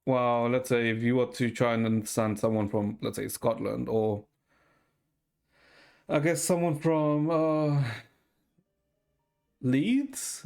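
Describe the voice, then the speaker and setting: A man's voice: medium pitch, takes it slowly, creaky, pauses often, darkish tone. A man streaming a game, chatting casually with his chat while he plays.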